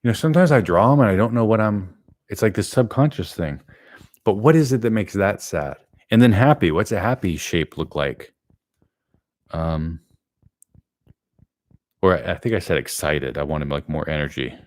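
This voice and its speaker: A man's voice: low voice, animated, normal speed, long pauses. A middle-aged man teaching an art lesson live, thinking aloud as he draws, rambling with many fillers.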